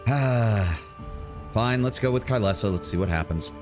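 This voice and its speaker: Deep-voiced man chatting on a game stream. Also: normal speed, music in the background. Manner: casual, wry, talks to chat.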